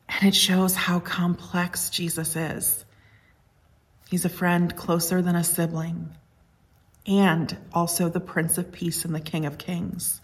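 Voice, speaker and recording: A woman pastor giving a conversational sermon, earnest and reflective, telling stories with a touch of humor. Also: fairly low pitch.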